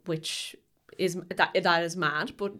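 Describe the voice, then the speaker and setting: Chatty woman with a lowish voice. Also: steady tone, slow, fairly bright tone. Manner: chatty, many fillers and restarts. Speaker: podcast co-host. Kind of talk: casual chat about a film.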